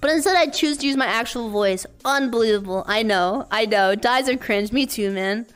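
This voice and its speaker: A young woman streaming live, chatting casually with her viewers and often breaking into shrieking shouts and laughter. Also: on the high side, normal speed, smooth. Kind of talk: casual livestream chat.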